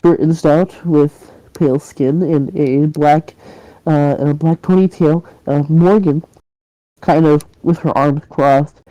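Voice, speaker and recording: Woman game master, low mellow voice, loose rambling narration. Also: steady tone, takes it slowly, no echo, low-quality recording. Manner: casual, rambling, with fillers and laughs.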